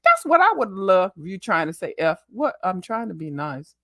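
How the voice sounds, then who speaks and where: Foul-mouthed ranting woman, lively pitch. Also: moderate pace, no room sound, studio quality. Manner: loud, cussing, animated ranting. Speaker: YouTuber guest on a live panel. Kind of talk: profane livestream panel chat.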